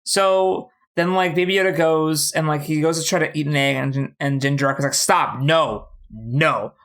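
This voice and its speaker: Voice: mid-range voice, fairly quick, clean tone. A podcast co-host casually recapping a TV episode, swearing freely and acting out the characters' lines in a loose, joking way. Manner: profane, animated, acts out character lines mid-story.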